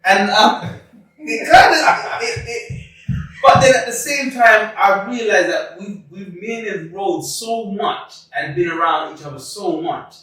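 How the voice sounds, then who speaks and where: A man chatting casually as a podcast co-host, lively and agreeable, laughing often. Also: high voice, measured pace. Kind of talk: casual chat. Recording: echoey room, far from the mic.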